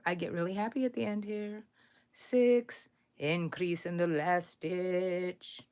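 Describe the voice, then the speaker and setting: Slow-talking woman hosting a crochet stream. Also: on the low side. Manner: chatty, counts stitches aloud softly. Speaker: crochet channel host. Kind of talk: live crochet stream chat.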